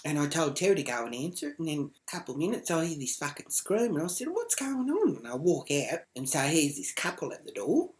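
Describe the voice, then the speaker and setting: A woman's voice: deep voice, animated, fast, few pauses, darkish tone. A woman ranting to camera in a brash, foul-mouthed comic character. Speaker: comedy vlogger in character.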